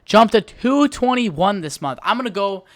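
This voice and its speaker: A podcast host from the United States rants on their own show, heated and full of swearing. The voice sits at a middling pitch and is recorded dry and close, with no room sound. The talk runs as one long, angry monologue. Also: animated, normal speed, fairly bright tone, dry recording. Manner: profane, heated ranting. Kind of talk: solo podcast rant.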